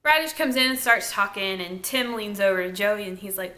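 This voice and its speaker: Her voice is mid-range, expressive and sharp, and she moves briskly. This woman reviews a TV episode in a chatty recap, laughing and dropping asides and plenty of "like."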